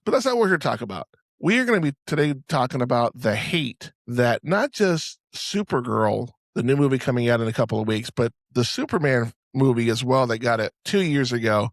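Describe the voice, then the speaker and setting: Gravelly male podcast host, dry sound. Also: medium pitch, sing-song, fairly quick, no echo. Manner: rambling, profane, stammers on restarts. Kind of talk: casual podcast banter.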